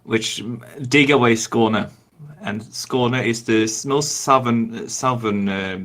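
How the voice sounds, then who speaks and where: A man's voice: medium pitch, slow pace, a bit bright. A man from Sweden chatting casually with fellow players on a call, given to dry, joking asides. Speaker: tabletop game player. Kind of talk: casual chat.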